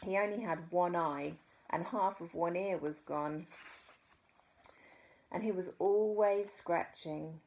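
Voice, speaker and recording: New Zealand woman, low-pitched reader, expressive children's storyteller. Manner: expressive, dramatic pauses. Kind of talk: reading a children's book aloud.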